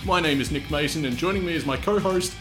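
Australian male podcast host, slightly high voice, dry sarcastic banter, faint music behind. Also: fast talker. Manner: sardonic, teasing, drily sarcastic. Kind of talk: casual sports podcast chat.

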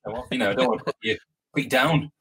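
A man's voice: mid-range voice, rapid-fire, a loud crowd. A man co-hosting a casual chat, joking around and laughing a lot. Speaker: podcast co-host.

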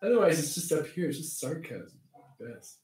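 A man's voice: on the high side, sing-song, moderate pace, a little mellow, slight background noise. A podcast host who grew up in Canada talks in a rambling, casual way, chuckling often and restarting his sentences. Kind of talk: casual faith chat. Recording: roomy echo, mic at a distance.

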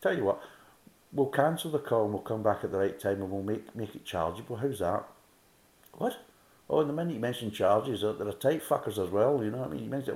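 A Scottish man with a low, deep voice rants through a casual beer review, blunt and sarcastic and swearing freely. His voice rings off the walls of an echoey room. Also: lively intonation, fast, a little mellow. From Scotland.

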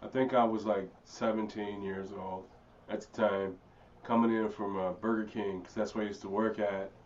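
A man's voice: fairly low pitch, moderate pace, a little hiss or hum. Young philly guy chatting, kinda far from the mic, dull sound. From Philadelphia. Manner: storytelling, animated impressions. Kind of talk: casual chat.

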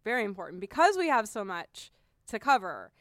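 A woman's voice: mid-range voice, sing-song, fairly quick, a bit bright, no echo, studio quality. Chatty woman podcast host. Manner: chatty, laughs easily, restarts often. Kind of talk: casual podcast chat. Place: studio.

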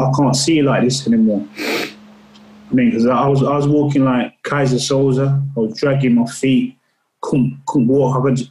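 A man sits as a guest in a relaxed interview and tells a story in an earnest, unhurried way. He often stumbles and repeats words as he goes, in a voice of ordinary height. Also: mid-range voice, reverberant, rough recording. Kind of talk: casual interview.

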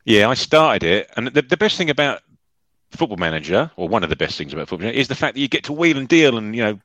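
A man banters as co-host of a casual live stream, making wry, joking asides. His voice has an ordinary pitch. The recording is dry and close. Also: sing-song, fast talker, fairly bright tone, dry recording.

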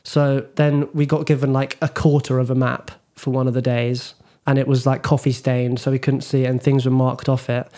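A man's voice: medium pitch, flat delivery, normal speed, few pauses, dark tone. A young man from Britain hosting a podcast, telling rambling stories in casual chat with many fillers and restarts. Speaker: podcast host.

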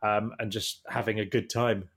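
A man, a guest in a casual interview, telling long rambling anecdotes that get animated at the funny parts. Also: lowish voice, normal speed, husky.

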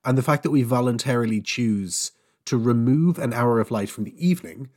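A man's voice: medium pitch, brisk, darkish tone. Mock-outraged man ranting in casual chat. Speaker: podcast co-host.

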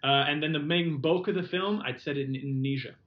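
A man from Singapore co-hosting a podcast in loose casual chat, swearing now and then. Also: on the high side. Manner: loose, swearing, quick to put on silly voices. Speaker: podcast co-host. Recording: dull lo-fi sound.

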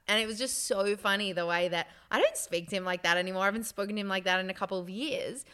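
A young woman co-hosts a casual talk show. She tells stories in an animated way and acts out what people said, and her voice sounds bright and forward. Her tone stays clean and smooth throughout. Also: medium pitch, quick pace, few pauses. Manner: animated storyteller, acts out quotes. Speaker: podcast co-host. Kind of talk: casual chat.

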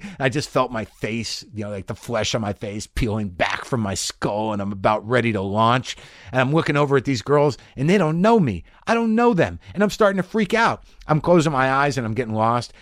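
A middle-aged man hosting a podcast, telling a comic story in a monologue and acting out his own panicked voice in sudden high bursts. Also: dry recording, studio quality. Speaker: podcast host. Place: garage studio.

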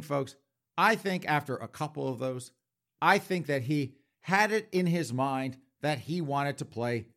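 A man hosting a talk show, spinning a comedic monologue with mock-serious gravity. His pitch swings widely as he leans into folksy asides to his audience. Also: a bit bright.

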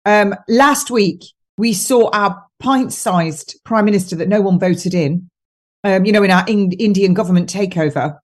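A woman from the United Kingdom appears as a guest nutritionist on a podcast, chatting casually, poking fun at things and laughing often as she tells stories. Her voice is mid-range and her pace moderate.

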